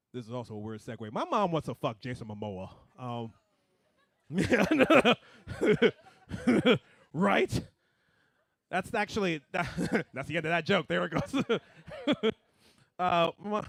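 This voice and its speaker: A young man doing a stand-up comedy set, animated, swinging between mumbled asides and loud punchlines. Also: medium pitch, no room sound, studio quality.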